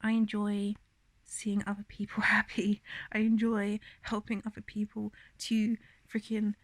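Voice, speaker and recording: Soft-spoken, half-whispering woman vlogging from bed. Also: mid-range voice, completely flat delivery, unhurried, dry recording. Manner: soft, often half-whispered, rambling with many fillers. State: upset and in pain. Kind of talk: casual confessional vlog. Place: in bed, indoors.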